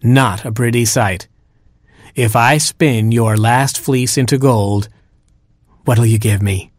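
A smooth, cheeky male cobra who teases and wheedles, voiced by a male narrator. He sounds lovesick under the jokes. The sound is dry and close. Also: mid-range voice, slow, no echo. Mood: teasing. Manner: wheedling, teasing.

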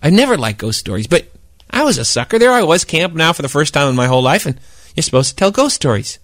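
A man narrating a story aloud in a relaxed, conversational voice. His speaking voice sits fairly high for a man, and the sound is close and dry. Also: quick pace, dry recording. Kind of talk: spoken storytelling performance.

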